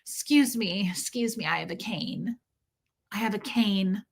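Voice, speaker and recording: A woman voicing her fussy seventy-year-old mother, who drags out her words and drops into hushed stage whispers. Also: mid-range voice, measured pace, slightly rough. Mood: insistent.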